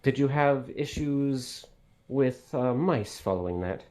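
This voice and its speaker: A man's voice: medium pitch, expressive, slow pace, dark tone. A man voicing an aloof, mysterious Fae traveler who answers in a dry, evasive way. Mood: cool, wry.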